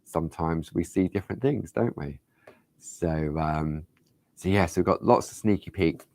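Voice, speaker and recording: A man's voice: deep voice, moderate pace, a little mellow, no room sound. A man hosting a casual craft demonstration, chatty and rambling, often turning to viewers with rhetorical questions. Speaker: craft show host.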